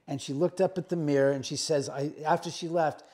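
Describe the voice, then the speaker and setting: A middle-aged man with a slightly high voice and a somewhat quick pace leads visitors through a room in his house. As the owner, he casually tells stories of ghost encounters, animatedly acting out the quotes.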